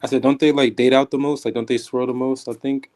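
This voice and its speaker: A man on a stream chatting casually, asking quick, curious questions full of "like". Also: mid-range voice, flat delivery, darkish tone.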